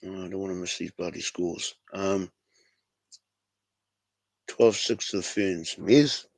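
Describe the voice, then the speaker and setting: A man's voice: deep voice, slow pace, gravelly, no room sound. A man with a New Zealand accent hosting a casual fan livestream, laid-back and slangy, calling everyone bro. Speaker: fan show host.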